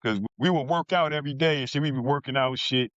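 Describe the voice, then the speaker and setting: A man's voice: medium pitch, fast talker, a bit bright, dry recording. Jersey guy telling a story on a podcast, cursing a lot, acts out what people said, dull dry sound. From New Jersey. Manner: blunt and profane, acts out other people's lines. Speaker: podcast guest. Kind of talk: casual storytelling.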